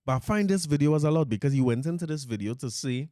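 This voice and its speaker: A man's voice: fairly high pitch, lively intonation, fast, mellow, no echo. A middle-aged man with a Trinidadian accent, hosting a podcast in a studio, telling rambling stories and laughing often. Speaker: podcast host. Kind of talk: casual comedic monologue.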